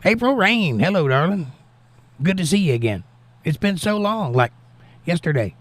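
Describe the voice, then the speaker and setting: His high-pitched voice swings widely in pitch as this man reads viewers' comments on a casual stream. He speaks at a normal pace and replies prayerfully, thanking God.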